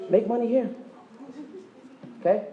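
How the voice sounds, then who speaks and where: Man, motivational sales talk, high voice, jokey, quizzes audience, echoey room. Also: lo-fi sound. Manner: joking, quizzes the audience, acts out quick dialogues. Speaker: presenter at a direct-sales meeting. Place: meeting room with live audience.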